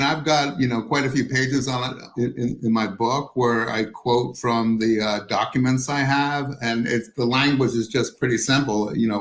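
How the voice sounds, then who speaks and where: A man's voice: mid-range voice, echoey room, low-quality recording. A man, an author being interviewed, who talks hesitantly with many fillers and restarts. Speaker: author guest. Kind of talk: interview over video call.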